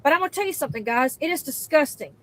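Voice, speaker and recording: A woman venting in an angry, profane rant, swearing often and breaking into loud, shrill outbursts. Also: expressive, racing, low-quality recording. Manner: profane, exasperated, emphatic; spikes into loud high outbursts. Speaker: worker venting in a video clip.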